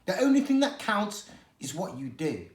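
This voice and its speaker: A reader voicing a tough, suspicious female street cat in a storybook, with a gravelly, gruff, challenging delivery. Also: mid-range voice, big pitch swings, moderate pace, voice pushed up, close to an everyday voice. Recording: echoey room.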